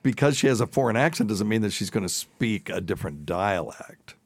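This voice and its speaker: A man's voice: on the low side, expressive, fairly quick, husky, dry recording. A man co-hosting a podcast in casual chat, laughing often and reading clips aloud. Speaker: podcast co-host.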